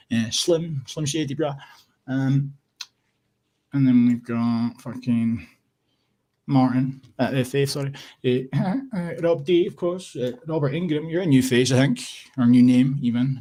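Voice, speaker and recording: A man's voice: medium pitch, normal speed, dark tone. A Scottish man hosting a casual livestream, rambling and swearing, laughing often as he clicks through tabs. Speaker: livestream host.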